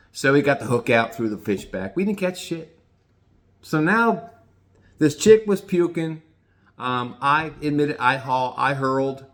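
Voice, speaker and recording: A man's voice: mid-range voice, expressive, measured pace, fairly bright tone. A man casually telling a rambling, profane story, often restarting his sentences.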